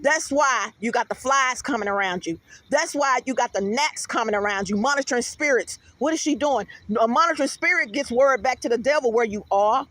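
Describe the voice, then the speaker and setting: A middle-aged woman, speaking in a high voice and telling stories with lively, animated energy. She talks casually to her guest and to the viewers, and her voice is recorded close and dry, with no room echo. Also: fairly quick. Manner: animated storytelling, addresses viewers as y'all. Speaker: host. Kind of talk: casual interview chat.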